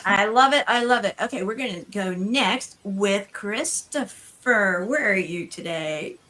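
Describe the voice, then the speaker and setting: Bright, bubbly woman hosting online party. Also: medium pitch, expressive, measured pace. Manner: bubbly, effusive, calls on guests. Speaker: show host. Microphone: video call.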